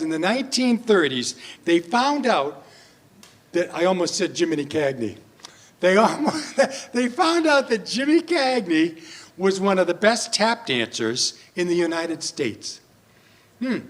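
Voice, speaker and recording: A male entertainer joking and chatting with a senior audience between sing-along songs at a live show. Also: sits high. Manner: jokey, playful, chats with the audience. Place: performance room at a senior residence. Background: backing music.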